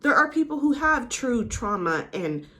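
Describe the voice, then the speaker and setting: A woman's voice: fairly high pitch, big pitch swings, normal speed, fairly bright tone. A woman giving a casual, outspoken recap of a reality show, opinionated and swearing freely.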